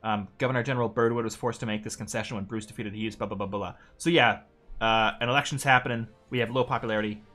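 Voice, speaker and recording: A man's voice: on the low side, steady tone, quick pace, pushed and bright, faint music behind. A man streaming a strategy game in casual chat, reading game text aloud, laid-back and swearing freely. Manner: swearing, laid-back, stumbling over names.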